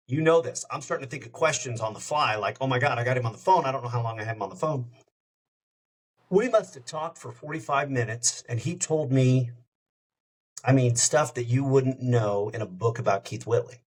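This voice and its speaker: A man who hosts a radio show, telling a story in a casual, lively way as a podcast guest. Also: medium pitch, husky. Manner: lively anecdote-telling, acts out quoted dialogue.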